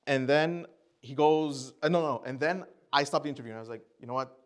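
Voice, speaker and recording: A man's voice: on the high side, fairly quick. Man telling a story from a church pulpit. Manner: conversational storytelling, acts out his own thoughts and other people's lines. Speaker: guest speaker at church. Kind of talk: personal testimony sermon. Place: church before a congregation.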